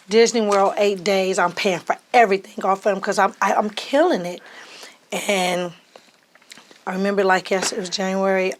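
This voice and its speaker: A middle-aged woman, a podcast guest, telling her life story in a lively, casual way and jumping high in pitch when she acts out what others said. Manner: animated, acts out quoted speech with big pitch jumps.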